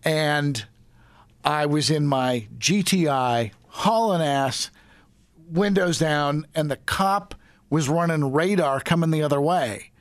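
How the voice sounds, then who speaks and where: Middle-aged male host, storytelling, fairly high voice, dry close sound. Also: takes it slowly, no echo. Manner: storytelling, joking. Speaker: radio host. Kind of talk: casual podcast chat.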